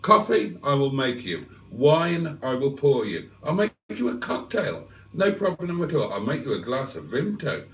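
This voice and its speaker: A man's voice: medium pitch, wildly swooping pitch, moderate pace, hardly any pauses, reverberant, far from the mic. A man hosting a live stream, chatting casually with viewers and rambling with fillers and asides. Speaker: livestream host. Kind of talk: casual live chat reading viewer comments.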